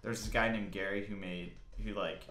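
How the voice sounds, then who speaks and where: A man's voice: on the low side, steady tone, moderate pace, a bit bright. A young man in casual chat, telling rambling stories full of fillers. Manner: rambling, filler-heavy storytelling. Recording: echoey room.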